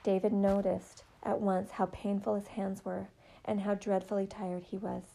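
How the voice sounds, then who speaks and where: Woman reading a novel aloud, steady and measured, with a dark, gravelly tone. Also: medium pitch. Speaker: narrator.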